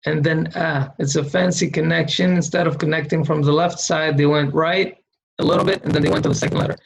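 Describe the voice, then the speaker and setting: A man's voice: a little high, fairly even intonation, a little fast, vocal fry, low-quality recording. A man teaching Quran reading in an online lesson, patiently drawing out syllables for students to repeat.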